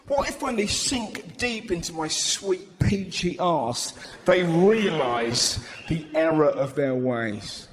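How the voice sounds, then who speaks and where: A man with an English accent doing a live stand-up routine, telling stories in a cheeky, animated and sweary way in a large venue. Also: fairly high pitch, slow, slight background noise. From England. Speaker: stand-up comedian. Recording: echoey arena with loud crowd.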